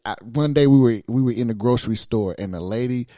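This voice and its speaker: A man's voice: medium pitch, brisk, mellow, no echo, studio quality. A man co-hosting a podcast in casual, slangy chat, telling stories and laughing often. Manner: laughing, storytelling, loose slangy talk. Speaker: podcast co-host; boss at work, married father.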